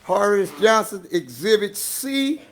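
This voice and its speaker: Hoarse man pleading urgently. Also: high-pitched, big pitch swings. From Louisiana. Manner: urgent, emphatic, rushing against a time limit. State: losing his voice. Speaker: public commenter. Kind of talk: public comment at a school board meeting.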